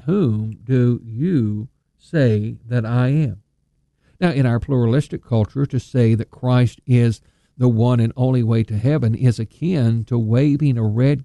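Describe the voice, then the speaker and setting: A man preaching a sermon, measured and emphatic, slowing down to stress scripture quotes. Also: medium pitch, dark tone, dry recording.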